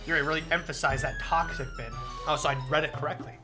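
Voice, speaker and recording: Woman streamer, casual reactive read-along, bright and lively, faint game music. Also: deep voice, quick pace. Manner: chatty, animated reactions.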